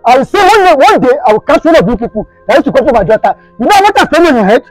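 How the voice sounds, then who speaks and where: A man with a Nigerian accent playing a furious strict father who fires hectoring questions in a shout. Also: very high-pitched, big pitch swings, racing, faint music behind, rough recording. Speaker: actor in a comedy skit.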